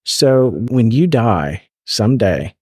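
A man's voice: mid-range voice, big pitch swings, takes it slowly, darkish tone, breathy edge, dry recording, studio quality. A man hosting a faith podcast, asking earnest questions and quoting scripture in casual conversation. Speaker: podcast host, parent.

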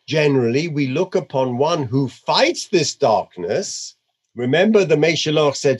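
A man giving a conversational Torah lecture, weaving Hebrew terms into his English with an animated delivery. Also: a little high, measured pace, husky. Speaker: religious teacher.

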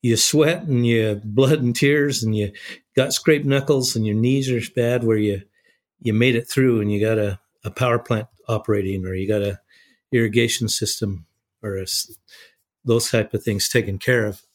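A man's voice: medium pitch, fairly even intonation, normal speed. A man who teaches welding and is a pastor, talking in a plainspoken, folksy way. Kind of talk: casual conversation.

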